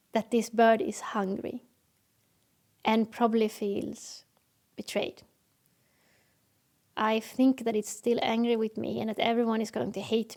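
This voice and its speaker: A self-help video host with a fairly high, creaky voice talks earnestly to camera in a reflective monologue. She tells stories with acted examples and sometimes drops to a whisper.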